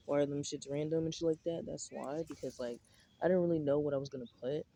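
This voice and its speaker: A man's voice: a little high, fairly even intonation, quick pace, vocal fry, warm tone. A young man rambling casually outdoors in a park, full of slang, swearing and filler words. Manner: rambling, profane slang-heavy talk with many fillers. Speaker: vlogger.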